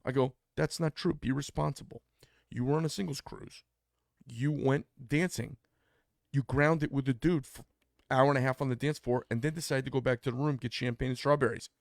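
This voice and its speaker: Gravelly blunt-spoken man telling a story. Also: mid-range voice, fairly even intonation, a little fast, no echo, clean studio sound. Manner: blunt, opinionated, acts out quoted dialogue. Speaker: podcast co-host. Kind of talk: casual storytelling chat.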